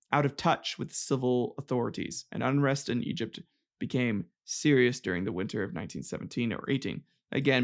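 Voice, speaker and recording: Hosting a casual, comedic history podcast, a man with a medium-pitched, slightly bright voice rambles and jokes. He swears and trips over names along the way.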